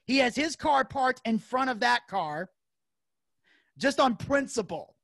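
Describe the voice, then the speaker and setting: A man telling a story in casual podcast chat, fast and profane, acting out angry quotes. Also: extremely high pitch, lively intonation, vocal fry, fairly bright tone, no room sound. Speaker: podcast guest.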